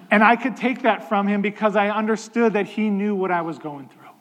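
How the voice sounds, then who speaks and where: A man with a fairly high voice preaches in a relaxed, conversational way. He slows down to stress key points. His voice rings in a hall with a long reverb. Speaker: pastor. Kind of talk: sermon.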